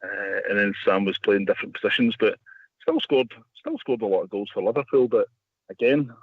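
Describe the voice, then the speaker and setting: A man's voice: fairly low pitch, fairly quick, breathy edge, no echo. A man telling a long story as a radio guest, rambling with many restarts. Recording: phone line.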